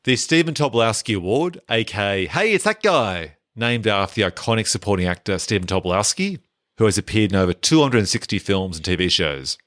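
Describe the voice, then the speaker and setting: A man's voice: fairly low pitch, lively intonation, fast talker, fairly bright tone, no echo, clean studio sound. A man co-hosting a casual film podcast, running the segments with wry jokes. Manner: runs the segments, wry and joking. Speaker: podcast co-host. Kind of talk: casual chat.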